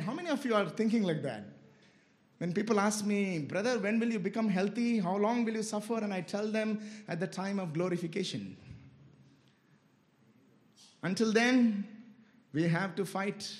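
Preaching with intense passion, a man alternates loud, high exclamations with low, hushed asides. He keeps telling the listeners to listen carefully.

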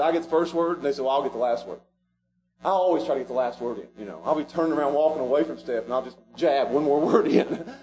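A man preaching a sermon as pastor, animated and rising to shouts at the high points.

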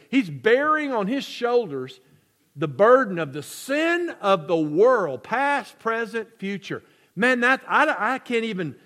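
A middle-aged man preaching with a high, lively voice that leaps up and sinks low. He takes his time, lingering on words and repeating them, swinging between loud emphasis and hushed, low phrases. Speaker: pastor. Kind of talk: sermon.

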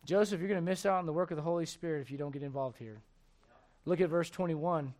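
A male pastor with a notably high voice delivers a lively sermon. He jokes with the congregation and slips into acted-out voices, animated throughout. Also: quick pace. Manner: animated, joking, acts out voices.

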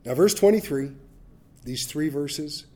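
A man's voice: a little high, expressive, measured pace, darkish tone. A middle-aged man preaching a sermon, telling a Bible story with humor and acting out voices. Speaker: pastor.

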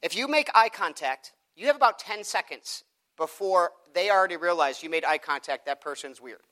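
Guy with a high bright voice teaching evangelism to a group, acting out street talks. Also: moderate pace. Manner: animated, acts out both sides of conversations. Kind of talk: teaching talk with acted street dialogues.

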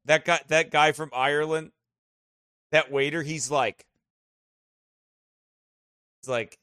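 A man from the United States, a pastor telling stories in casual chat before leading a Bible study, animated and laughing as he talks. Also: on the high side, takes it slowly, long pauses, clean tone, no room sound, studio quality.

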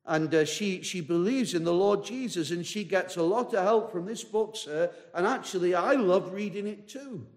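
Story figure: a sincere young girl, soft and hesitant, put on lightly by a male preacher. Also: high voice, normal speed, few pauses, in a large hall. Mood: earnest. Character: young girl reading a Bible, polite and sincere.

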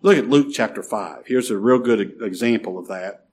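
A man preaching a sermon and reading scripture aloud, swinging between loud calls and quiet, dropped phrases. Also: on the low side, normal speed.

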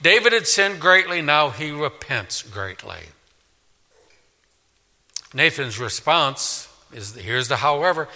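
A male pastor preaching a sermon in a church, emphatic, swinging from loud declaring to quiet pleading. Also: on the high side, very animated, unhurried. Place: church sanctuary. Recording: long reverb of a large hall.

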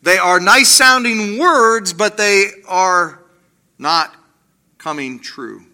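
High, lively, bright-voiced male preacher. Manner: animated, acts out quoted voices with rising pitch; drops to slow quiet emphasis on key lines. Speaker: pastor. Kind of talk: sermon.

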